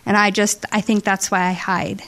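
A woman giving an emotional, halting testimony to a church congregation, tearful and heartfelt. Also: mid-range voice, little pitch movement, a bit bright. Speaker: church member sharing testimony. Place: church service.

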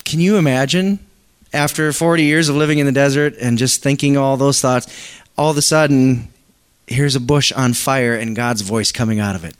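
A man's voice: medium pitch, normal speed, clear, resonant tone. A man preaching a conversational sermon, reading scripture aloud and asking his congregation questions. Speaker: pastor.

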